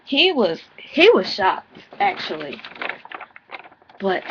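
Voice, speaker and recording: A woman's voice: fairly low pitch, normal speed, creaky, highs cut off, background noise. A woman in her thirties recapping a reality show episode in a blunt, sassy, profane way. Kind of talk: casual vlog recap.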